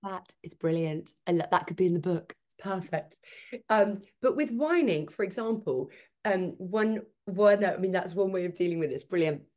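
A woman's voice: fairly low pitch, moderate pace. A woman, a podcast guest and author, talking about parenting in a conversational interview and acting out quoted speech. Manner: animated, acts out quoted speech.

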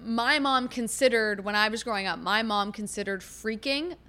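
Bright-voiced woman, passionate sports chat. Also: on the high side. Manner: animated, passionate, quick to laugh. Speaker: sports podcast co-host.

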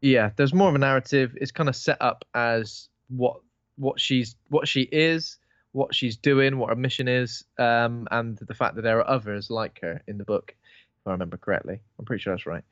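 Man from Bristol, podcast co-host; rambling, informal, mid-pitched; recorded dull and dry. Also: moderate pace, fairly bright tone, no echo. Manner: rambling, self-interrupting, informal. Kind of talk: casual chat.

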